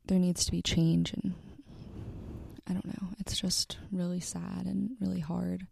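Low, dark-toned young woman, gravelly. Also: level tone, a little hiss or hum. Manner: earnest, halting, with many fillers and restarts. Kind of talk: personal storytelling to camera.

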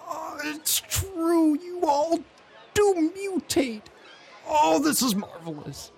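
A man voicing an excitable, pompous middle-aged male explorer and author who gushes theatrically in a high, strained tone and plugs his own books. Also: moderate pace, a little hiss or hum, natural voice. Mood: ecstatic.

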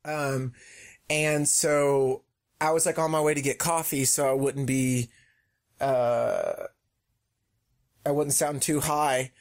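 Joking young man telling prank stories. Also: fairly high pitch. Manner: joking storyteller, prankish, many ums. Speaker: podcast co-host. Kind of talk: casual chat.

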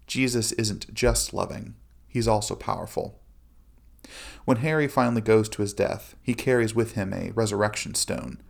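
Gravelly low-voiced man reading a devotional. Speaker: Christian speaker.

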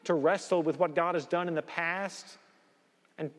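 A man preaching a sermon as pastor, earnest, slowing down and dropping his voice low on key phrases. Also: fairly even intonation. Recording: long hall reverb.

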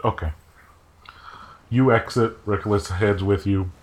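A man running a tabletop game as game master, talking in a relaxed way with many fillers. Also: fairly low pitch, a little slow.

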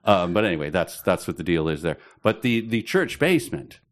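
A man's voice: sits low, big pitch swings, fairly quick. A man co-hosting a casual chat podcast while getting over a slight head cold, talking with dry, wry, self-mocking humor. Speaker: podcast co-host.

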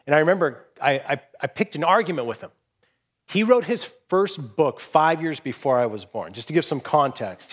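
A man in his forties preaching a sermon from a church stage, telling a story in an animated, rambling way with frequent restarts. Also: a little high. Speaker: pastor.

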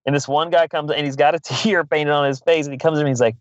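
A man's voice: a little high, steady tone, quick pace, hardly any pauses, dry recording, dull audio. A man telling a long funny story in casual chat, swearing freely and laughing often. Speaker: podcast guest.

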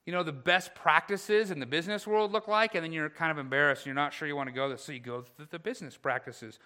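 A man preaching a sermon as pastor, moving between loud, driving passages and hushed, slow ones. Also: fairly high pitch.

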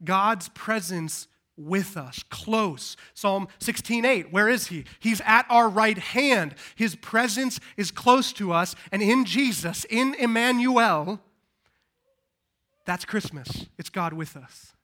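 High, bright-voiced man preaching. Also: animated, slow pace. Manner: emphatic preaching, swings from loud to hushed. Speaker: pastor. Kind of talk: live Christmas sermon. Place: church service. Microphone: handheld microphone.

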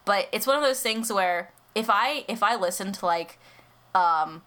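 A woman's voice: medium pitch, lively intonation, unhurried, fairly bright tone. Giggly American woman chatting. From United States. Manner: chatty, giggly, lots of fillers and restarts. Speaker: co-host. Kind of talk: casual podcast chat.

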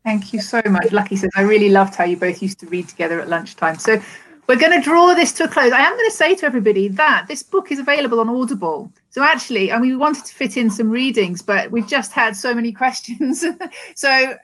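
A woman's voice: on the high side, a little fast, fairly bright tone, rough recording. A woman hosting an online book club interview, thanking the guest as she wraps up.

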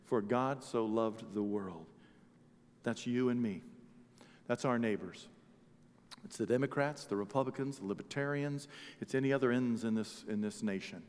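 A man preaching a sermon as pastor, swinging between quiet talk and loud emphatic preaching. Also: medium pitch, moderate pace, big-room sound.

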